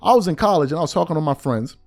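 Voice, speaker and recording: A gravelly, slightly high male voice races along with animated energy as he hosts a commentary show. His sports opinions come out emphatic and slangy, peppered with repeated rhetorical questions.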